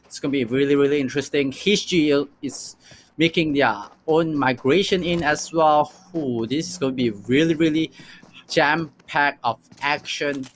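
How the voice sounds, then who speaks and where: A man calls a mobile esports match live, reacting with quick gasps between calls. His voice sits somewhat high for a man. A faint hiss of noise runs under the voice. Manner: excitable, frequent "ooh" and "oh" reactions. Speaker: esports caster. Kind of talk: live play-by-play commentary.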